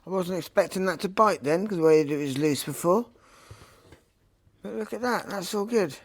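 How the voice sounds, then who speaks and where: A man's voice: high voice, normal speed. A man chatting casually as he repairs a microphone at his workbench, repeating short test phrases over and over. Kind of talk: casual talk while working and testing.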